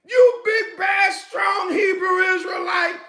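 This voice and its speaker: A man preaching a sermon in a loud, emphatic, laughing way, with slangy street talk, in an echoey room. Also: extremely high pitch, fairly even intonation, slow, vocal fry.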